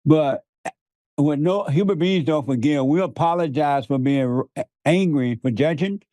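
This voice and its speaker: A man's voice: on the high side, measured pace, warm tone, dry recording. A man preaching to his interviewer in an emphatic, repetitive way, laughing often. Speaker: guest.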